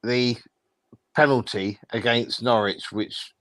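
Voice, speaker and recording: A man co-hosting a casual football fan show, talking in a relaxed, matter-of-fact way. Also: medium pitch, slow. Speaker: co-host.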